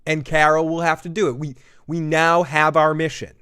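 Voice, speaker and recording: Guy with a kinda high voice rambling through a tv episode breakdown, swears a lot, laughs at his own jokes. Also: little pitch movement, normal speed, bright, forceful tone, clean tone. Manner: chatty and rambling, swears freely, laughs often. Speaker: host of a TV review show. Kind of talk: casual live episode review.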